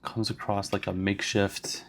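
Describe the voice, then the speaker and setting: A man's voice: fairly low pitch, little pitch movement, normal speed, vocal fry, fairly bright tone, slight background noise. A man casually narrating a solo tabletop game, rambling with lots of fillers. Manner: casual, meandering, full of fillers.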